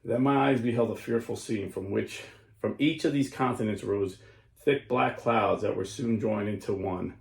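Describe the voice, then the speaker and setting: A low, gravelly male voice reads an old account with slow, stressed dramatic lines and breaks off to explain in plain talk. He sounds like the host of a Catholic commentary show, recorded in a roomy space with an echo. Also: a little mellow. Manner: slows and stresses lines when reading aloud, then explains plainly.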